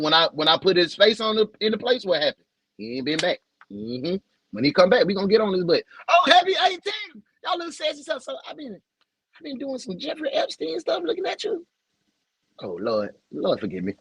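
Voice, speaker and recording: A man's voice: high voice, a bit bright, slightly rough, dry recording, rough recording. A young man with a Southern US accent, hosting a casual livestream in a loose, joking, slangy way and greeting viewers by name. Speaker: livestream host.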